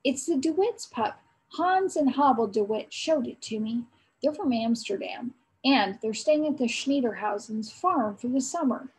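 Brief: a woman doing a plain-spoken boy in a storybook, light and high. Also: animated, unhurried, a little mellow.

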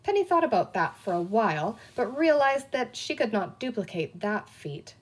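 A woman's voice: on the high side, normal speed, husky. A woman reading a children's book aloud, telling it expressively. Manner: expressive storytelling. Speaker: reader.

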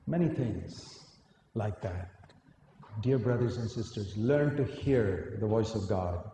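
Man giving a sermon, mellow voice, really echoey hall, bit of hiss. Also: fairly low pitch, lively intonation, takes it slowly. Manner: earnest, emphatic, asks the audience questions. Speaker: preacher. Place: large hall. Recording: echoey hall, faint noise.

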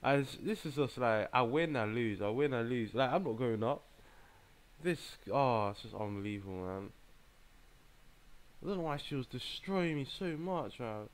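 Exasperated young gamer. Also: male voice, mid-range voice, normal speed. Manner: exasperated, excitable running reactions with slang. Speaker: gaming channel host. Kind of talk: mobile game commentary.

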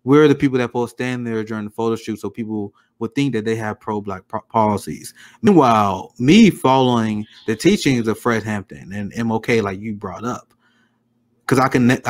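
A man hosting a political podcast, speaking in an impassioned way with many fillers. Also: medium pitch. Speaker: podcast host. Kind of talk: political commentary chat.

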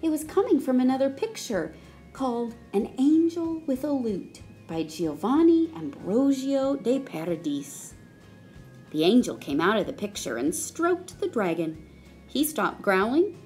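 A woman reading a children's story aloud in a slow, expressive way. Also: high-pitched, faint music behind. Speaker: storybook reader.

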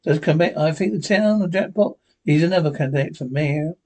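A man voicing a steady, commanding frontier lawman with a husky voice. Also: a little high, fairly quick. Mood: firm. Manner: firm, commanding.

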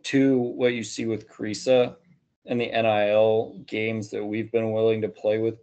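A man's voice: fairly low pitch, a little mellow. A man hosting a casual sports podcast, rambling and hedging with plenty of "you know" fillers. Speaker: podcast host.

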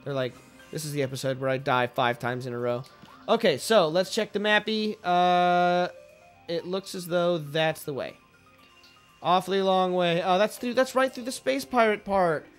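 A young man with a high voice jokes his way through a video game, swearing freely and breaking into goofy shouts. Faint game music plays under his talk. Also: normal speed. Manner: joking, profane, playful bursts of goofy shouting. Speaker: let's play gamer. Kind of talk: casual gameplay commentary.

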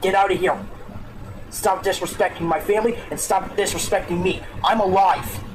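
Eastern Canadian man, high-pitched for a guy, repeating profane threats, heard through a noisy old webcam recording. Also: normal speed. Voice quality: odd-sounding voice. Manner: profane, repetitive, menacing. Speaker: video maker in an old clip. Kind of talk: angry threatening webcam rant.

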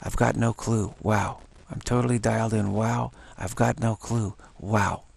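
A man guides listeners through a repetitive spoken practice, answering each short phrase with the same word. His low voice is heavily gravelly and husky throughout, and his delivery is unhurried and musing. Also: fairly even intonation. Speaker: meditation teacher.

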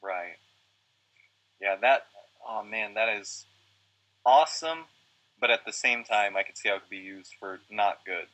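A man's voice: fairly low pitch, unhurried, long pauses, a bit bright, rough recording. A man chatting casually as a guest, easygoing and agreeable, adding reflective comments. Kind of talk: casual chat.

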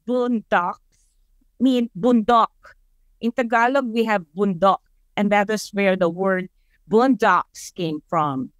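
A woman's voice: mid-range voice, no echo. A woman with a Filipino accent giving a webinar presentation, telling stories and leading the audience in call-and-response syllables. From Philippines.

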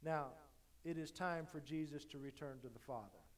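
A male pastor delivering a sermon in a fairly high voice. He surges to loud, emphatic peaks and then drops to soft, intimate asides, often doubling back on a word as he restarts a phrase. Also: normal speed. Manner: dynamic, swinging between loud emphatic lines and quiet intimate asides; repeats words as he restarts phrases.

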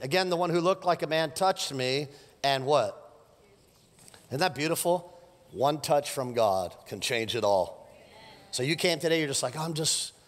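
A middle-aged man preaching a sermon as pastor, animated and joking with the congregation. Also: medium pitch. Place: church sanctuary. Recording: live church sermon with long reverb.

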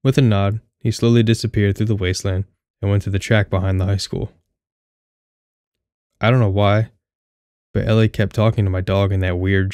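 A young man reads a first-person story with a wry, candid edge and the odd curse. His voice sits low and stays fairly flat, smooth and clear. The sound is dry and close, with no room to it. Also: no echo. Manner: candid, wry, casually profane. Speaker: audiobook narrator.

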